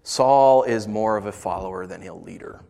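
A man preaching a sermon, conversational and animated, with playful asides to the congregation. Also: on the low side, moderate pace, gravelly. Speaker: pastor.

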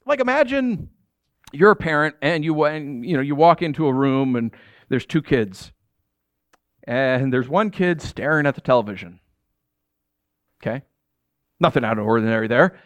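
A middle-aged male pastor with a fairly high voice gives a sermon in a conversational, jokey style, often putting questions to the audience. The recording is dry.

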